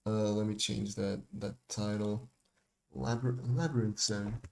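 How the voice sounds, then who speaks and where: A man's voice: on the low side, level tone, measured pace, vocal fry, slight background noise. A young man rambling through a casual livestream breakdown of his own remix, with lots of fillers, restarts and laughs. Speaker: music producer streaming a breakdown of his remix. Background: faint music.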